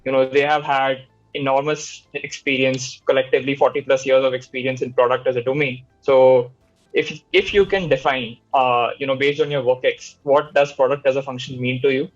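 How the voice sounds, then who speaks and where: A man's voice: mid-range voice, fairly even intonation, moderate pace. Man, panel moderator, hesitant filler-heavy delivery, dull video-call sound, faint music behind. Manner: hesitant, many "you know" fillers.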